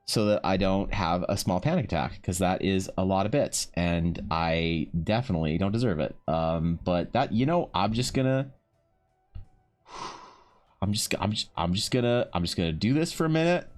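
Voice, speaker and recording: A man's voice: deep voice, lively intonation, moderate pace, soft background music. A man streaming live while he draws, talking to his chat in a stammering, emotional way, restarting his words and swearing often.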